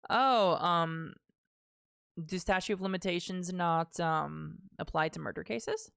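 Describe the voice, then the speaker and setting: A woman's voice: fairly low pitch, takes it slowly, vocal fry, a bit bright, clear, resonant tone, no echo, studio quality. A young woman streamer commenting on a game she plays, sarcastic and swearing freely. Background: game music.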